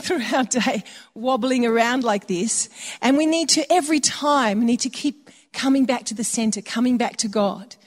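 Woman preaching in a reverberant hall. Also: fairly high pitch. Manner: warm conversational preaching with acted asides. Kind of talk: sermon.

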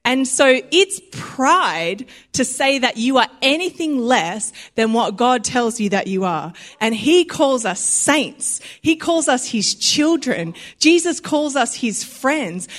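A woman's voice: high-pitched, a bit bright. A young Australian woman giving a sermon in a chatty, conversational way, acting out little quoted voices and laughing easily. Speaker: preacher.

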